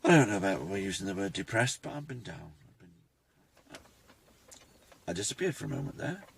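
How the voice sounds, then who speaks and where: A man, talking reflectively to his phone camera in a rambling personal vlog, pausing and restarting often. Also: lowish voice, very animated, vocal fry, slightly rough. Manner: reflective, halting, with many restarts. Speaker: vlogger.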